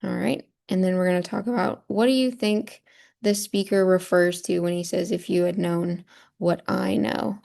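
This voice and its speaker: Woman teacher, low-pitched, gravelly edge, patient step-by-step explainer for a screen-share lesson. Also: fairly even intonation, normal speed, a little mellow. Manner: patient, checks in with rhetorical "right?".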